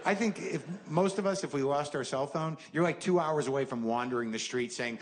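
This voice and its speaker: A man's voice: on the high side, a little fast, few pauses, slight background noise. A middle-aged man doing a stand-up routine on stage, rambling and self-deprecating. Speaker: stand-up comedian. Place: comedy venue stage. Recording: live hall reverb with audience.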